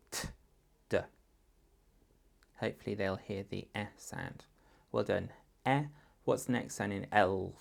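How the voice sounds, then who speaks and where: A man, a primary school teacher patiently explaining to parents how to help a child write a sentence, sounding words out slowly. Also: lowish voice, vocal fry. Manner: slow, patient, demonstrates sentences and sounds in different voices. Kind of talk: instructional talk to parents.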